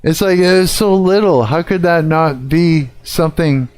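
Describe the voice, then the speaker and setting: A man's voice: a little high, normal speed, a little mellow, smooth, no room sound. A man live-streaming, reacting casually to a video, laughing often and swearing as he thinks aloud.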